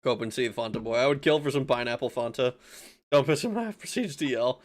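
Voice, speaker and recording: A man's voice: medium pitch, expressive, a little fast. A man streaming a game, chatting casually with his viewers, reading out chat, laughing and swearing, with frequent restarts.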